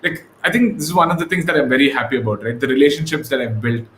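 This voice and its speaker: A man's voice: medium pitch, racing. Man telling a story in an echoey room. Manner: relaxed, many fillers and restarts. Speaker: interview guest. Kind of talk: casual conversational storytelling. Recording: echoey room with faint noise.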